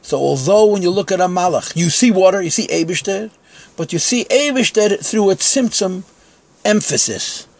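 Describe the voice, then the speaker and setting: Candid teacher, slightly high male voice. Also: animated, normal speed, gravelly. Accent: Yeshivish English. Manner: conversational, self-deprecating asides. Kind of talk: text-study lecture.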